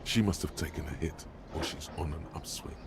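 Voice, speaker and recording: A very deep, grave inner narrator. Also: male voice. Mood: measured. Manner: slow, measured, descriptive. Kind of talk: video game narration. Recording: clear background noise.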